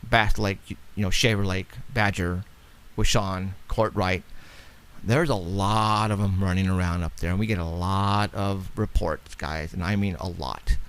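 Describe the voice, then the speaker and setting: A man with a gravelly, creaky voice hosts a talk show. He rambles casually and chats easily with listeners, with plenty of filler along the way. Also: deep voice, fairly even intonation, measured pace, fairly bright tone. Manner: rambling, chatty, laughs often. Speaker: radio show host.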